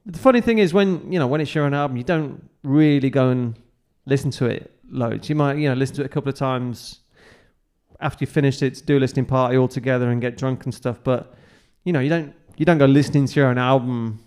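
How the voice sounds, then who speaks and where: A man's voice: medium pitch, fast, a little mellow, clean tone. A middle-aged male musician chatting as a podcast guest, telling stories with many restarts. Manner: rambling storyteller with many restarts. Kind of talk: casual conversational interview.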